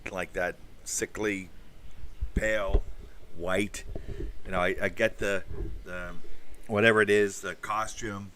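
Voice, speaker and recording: A man with a fairly low, sharp-toned voice sits far from the mic, with a little hiss or hum in the recording. As a podcast host reading live chat on a casual stream, he rambles on with asides and the odd crude swear.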